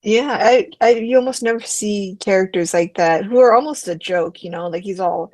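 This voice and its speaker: A woman's voice: mid-range voice, moderate pace, a little mellow, no echo. A woman co-hosting a casual book discussion podcast, chatty and full of fillers. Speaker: podcast co-host.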